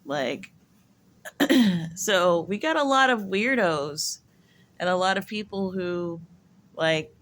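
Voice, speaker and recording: A woman's voice: fairly low pitch, lively intonation, slow, pauses often, fairly bright tone, slight background noise. A woman talking to camera in a casual, rambling vlog monologue, musing aloud and filling her sentences with "like.". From United States. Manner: rambling, musing, heavy use of "like". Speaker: vlogger.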